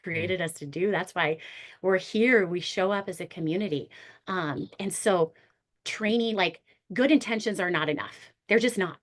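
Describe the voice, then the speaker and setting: A woman therapist who leads ministry workshops, talking earnestly and with animated storytelling in a panel discussion. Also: fairly low pitch, moderate pace.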